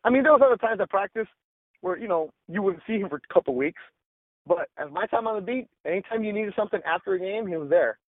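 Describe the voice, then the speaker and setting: A male sports reporter telling stories in a casual interview, animated and full of "like" and "bro", acting out quotes. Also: sits high, fast, no room sound, narrow, tinny audio. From Los Angeles. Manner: animated, acts out quotes, says "like" and "bro" often.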